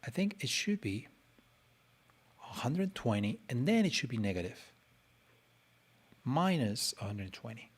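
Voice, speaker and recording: A man's voice: medium pitch, big pitch swings, unhurried, pauses often, breathy edge. Playful man thinking aloud at work. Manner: playful, thinks aloud, talks to his screen. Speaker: designer streaming his work. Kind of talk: casual live design commentary.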